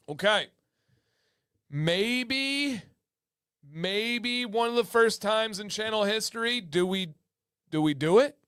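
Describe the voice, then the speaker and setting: A man hosts a giveaway livestream in a playful, sing-song way, hyping viewers and calling out names from the chat. His voice sits high and comes through smooth and clear. The sound is dry and close, with no room echo. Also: lively intonation, takes it slowly, pauses often, a bit bright. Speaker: livestream host.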